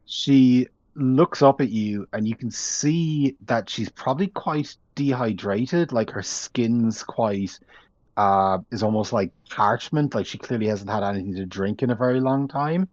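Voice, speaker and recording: A man running a tabletop game, narrating slowly and haltingly. He pauses to search for words. The call audio is dry and a little muffled. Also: medium pitch, darkish tone, no room sound. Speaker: game master.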